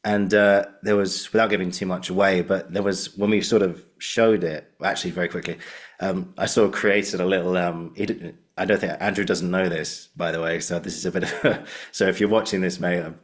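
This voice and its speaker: Young male podcast host with a deep voice, easygoing and rambling. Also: fairly quick. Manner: rambling, animated when imitating others. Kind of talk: casual chat.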